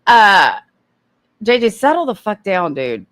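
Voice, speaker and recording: Brief: mocking livestream host, woman, slightly high voice, amused. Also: moderate pace. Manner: laughing, teasing, mocking. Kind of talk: livestream commentary.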